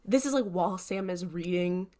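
A woman co-hosting a podcast, retelling a TV episode in casual, animated chat with frequent laughter. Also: fairly low pitch, normal speed. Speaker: podcast co-host.

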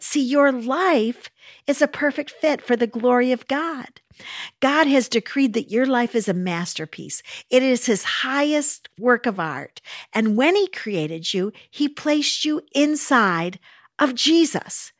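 A woman's voice: sits high, lively intonation, slow pace, no room sound, clean studio sound. A woman preaching a sermon in an earnest, encouraging way, stressing her points with repetition.

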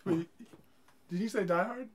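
A man co-hosting a podcast in casual chat, teasing and quick to laugh. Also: high-pitched, heavy background noise. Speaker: podcast co-host.

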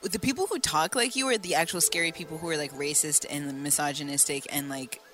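A woman co-hosting a casual podcast, assertive and quick to laugh, mimicking others as she argues back. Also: sits low, fairly bright tone, faint music behind. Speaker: podcast co-host. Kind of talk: casual argumentative chat.

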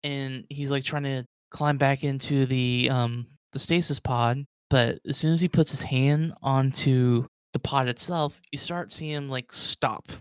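A man's voice: mid-range voice, steady tone, measured pace, hardly any pauses, smooth, no echo, studio quality. A man narrating as game master of a tabletop role-playing game, rambling and full of "like". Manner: rambling, heavy with "like".

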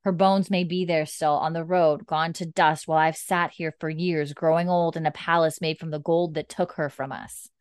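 Woman reading out a grieving old blind matriarch, low smooth voice, dry sound. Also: steady tone, moderate pace, hardly any pauses, dry recording, close to an everyday voice. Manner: reads the lines out plainly from a script.

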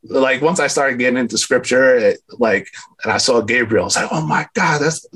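A man in his thirties sharing a personal faith testimony in a casual, earnest way, with lots of filler words and lively retelling. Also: medium pitch, fairly quick, slightly rough. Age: 30s.

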